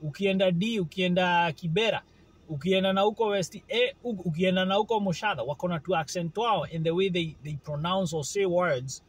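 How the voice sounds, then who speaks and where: Male vlogger, high pitch, animated and casual, keeps checking in with the viewer. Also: a little fast, husky, rough recording. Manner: animated, keeps asking if the listener follows. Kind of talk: casual chat to camera.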